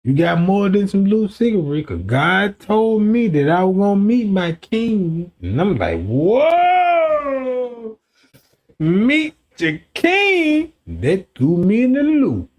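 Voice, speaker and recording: A man livestreaming, telling a profane, rambling story to his chat, dropping to low mutters and then shouting. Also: very animated, a little slow, few pauses. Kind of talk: casual storytelling to a live chat.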